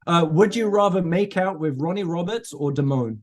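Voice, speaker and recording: Teasing male podcast host, raised pitch. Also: a crowd in the background. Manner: teasing, joking, quick-fire questions. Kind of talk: casual comedic interview.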